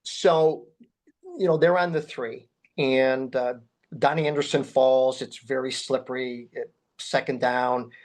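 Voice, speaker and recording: A man telling sports stories in an interview, acting out the quotes with lively swings in his voice. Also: unhurried. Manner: animated storyteller, acts out quotes with rising pitch. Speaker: guest, memorabilia collector. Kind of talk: storytelling interview.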